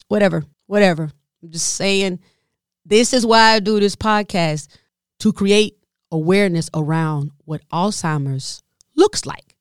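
Podcast host, woman, middle-aged, unhurried storyteller, smooth voice, dry close sound. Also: no room sound. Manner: animated, addresses listeners as y'all, voice drops low and soft when moved.

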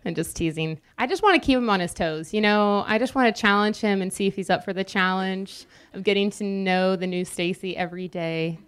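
Young woman preacher, smooth clear voice, conversational sermon with light teasing. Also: mid-range voice, fairly quick, hardly any pauses, a bit bright. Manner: conversational, jokes with the congregation.

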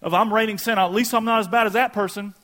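A pastor preaching a sermon in a casual, conversational way, acting out quoted voices. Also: male voice, sits high, steady tone, quick pace, pushed and bright.

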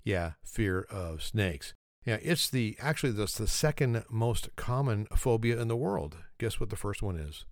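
A man's voice: mid-range voice, normal speed, few pauses, no echo, studio quality. A man hosting his own podcast in a casual, joking solo chat, laughing at himself as he goes. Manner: joking, self-mocking, chuckles often. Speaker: podcast host.

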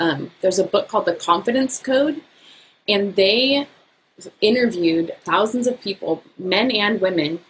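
Upbeat, animated woman guest. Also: lowish voice, slight background noise, rough recording. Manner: upbeat, animated, laughs often. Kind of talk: casual podcast conversation.

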